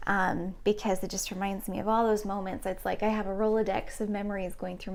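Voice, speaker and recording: A woman's voice: mid-range voice, steady tone, fairly quick, vocal fry, few pauses, slight background noise. Chatty young woman on a livestream. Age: late 20s. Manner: chatty, friendly, reads out and answers chat comments. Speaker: pianist streaming live. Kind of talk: casual chat to a live-stream audience.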